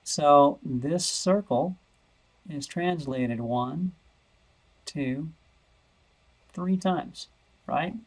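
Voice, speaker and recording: A man's voice: on the high side, extremely slow, pauses often, low-quality recording. A man teaching a math lesson over a screen recording, thinking aloud and repeating words as he searches.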